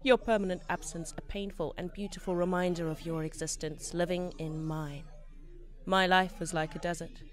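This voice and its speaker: A woman performing spoken word poetry, slow and lyrical, repeating phrases. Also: on the low side, steady tone.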